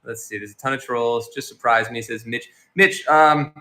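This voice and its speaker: A man's voice: mid-range voice, moderate pace, few pauses, pushed and bright. A man hosting a casual livestream, chatting loosely and reading out and answering viewer comments. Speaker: livestream host.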